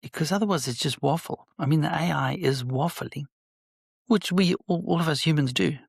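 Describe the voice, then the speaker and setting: Business-owner guest, male, gravelly and a bit husky, animated storyteller, dry close sound. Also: fairly high pitch, normal speed, no room sound. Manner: animated storyteller, acts out quoted dialogue. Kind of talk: conversational interview.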